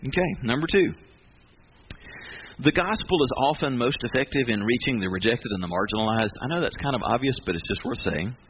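A man's voice: medium pitch, expressive, a little fast, highs cut off, a little hiss or hum. A male pastor preaching a sermon, driving his points home with repeated refrains.

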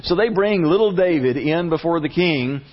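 A man's voice: a little high, lively intonation, normal speed. A man preaching a sermon, retelling a Bible story in a casual, conversational way with slang. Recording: slightly muffled lo-fi recording.

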